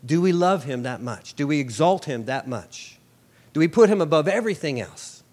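A man's voice: a little high, animated, moderate pace, darkish tone. A man preaching a sermon in a conversational way, with rhetorical questions and wry asides.

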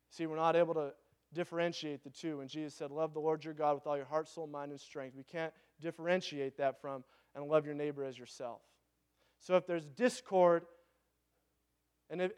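A man's voice: fairly high pitch, clean tone. A man in his thirties with a Pacific Northwest American accent, preaching a conversational sermon and asking the congregation questions. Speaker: pastor.

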